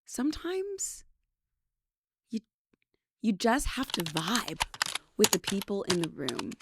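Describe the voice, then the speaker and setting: A woman from British Columbia hosting her show, telling a story in a chatty, animated way. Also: medium pitch, takes it slowly, heavy background noise. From British Columbia, Canada. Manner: chatty and animated, acts out quotes. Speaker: podcast host. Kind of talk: casual storytelling monologue.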